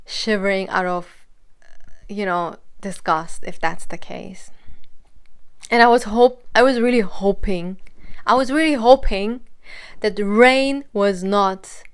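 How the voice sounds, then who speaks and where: Slow-talking animated young woman. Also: mid-range voice, clean tone. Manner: animated, exclaiming and swearing. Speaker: vlogger. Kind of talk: casual storytime.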